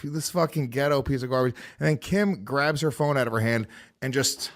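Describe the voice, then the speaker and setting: A man's voice: mid-range voice, normal speed, dry recording. A man guesting on a podcast, telling a story in a blunt, heated way with lots of swearing. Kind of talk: casual storytelling chat.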